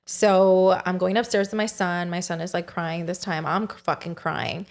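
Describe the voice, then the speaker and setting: A woman's voice: fairly low pitch, steady tone, moderate pace, gravelly. A young woman, a podcast guest, telling a frightening personal story in a breathless rush and swearing often.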